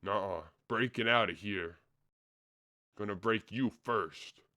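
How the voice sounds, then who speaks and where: A man's voice: lowish voice, slow, noisy background. A man voicing a hulking, menacing crocodile criminal in a comic reading.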